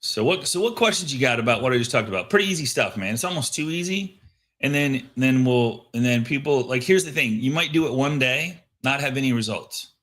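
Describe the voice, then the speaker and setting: A man hosting a live show, coaching listeners on sales outreach and telling lively stories of his phone calls. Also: medium pitch, a little fast. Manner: animated storyteller acting out phone calls. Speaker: host. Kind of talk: casual coaching talk. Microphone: headset microphone.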